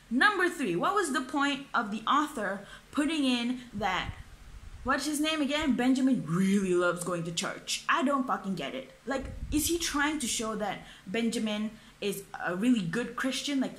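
A woman's voice: fairly high pitch, expressive, normal speed, fairly bright tone. A young woman, ranting through a book review, exasperated and swearing, with lots of fillers. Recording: echoey room.

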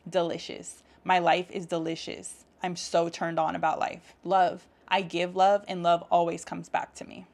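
A woman's voice: lowish voice, flat delivery, moderate pace, vocal fry, hardly any pauses. A woman talking casually to camera, reading out affirmations and explaining them with an encouraging, laughing manner. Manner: warm encouraging, laughs often, speaks affirmations aloud. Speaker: self-help vlogger.

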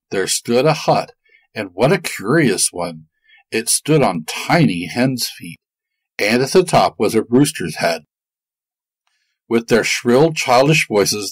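A man narrating a folk tale with an expressive storybook cadence. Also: fairly low pitch, husky, no echo, rough recording.

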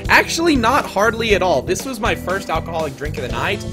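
A man's voice: high voice, very animated, a little fast, over music. A man streaming a game, making casual, profane, joking asides. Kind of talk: let's-play commentary.

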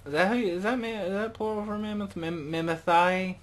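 A man's voice: high voice, fast. Jokey young man playing a game. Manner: rambling, jokey, excitable. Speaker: gaming video host. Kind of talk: casual let's-play commentary.

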